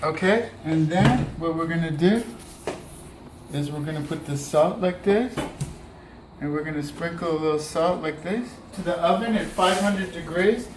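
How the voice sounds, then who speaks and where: A man giving a relaxed, chatty cooking demonstration, talking through each step as he works. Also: a little high, normal speed, roomy sound, background noise. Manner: relaxed, chatty, talks while working. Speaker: cooking instructor.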